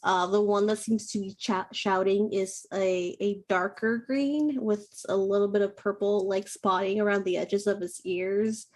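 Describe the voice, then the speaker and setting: A woman narrating as dungeon master of a tabletop game in an unhurried way with many fillers. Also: medium pitch, fairly even intonation, a little mellow.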